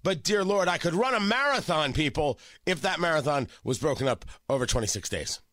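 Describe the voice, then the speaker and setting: A man hosting opinionated political talk radio, sarcastic and animated, often repeating and restarting his words, a little stuffy from a cold. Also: on the high side, a little fast, no room sound, studio quality. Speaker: radio talk show host.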